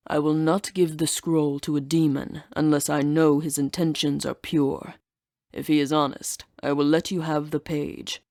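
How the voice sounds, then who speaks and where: Woman voicing a slow growling ox-bodied temple guardian. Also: low voice, level tone, darkish tone, no echo, clean studio sound. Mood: solemn. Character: ancient male ox-bodied winged temple guardian, menacing.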